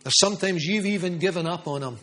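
A man's voice: high-pitched, fast talker, fairly bright tone. A middle-aged man preaching a charismatic sermon with prophetic words, fervent and emphatic, repeating phrases for stress. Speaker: pastor.

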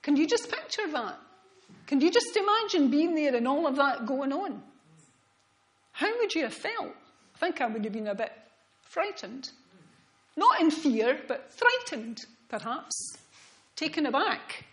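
A woman preaching a sermon in an earnest, reflective way, often dropping to soft, hushed tones. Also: high voice, big pitch swings, unhurried, pauses often, rough recording.

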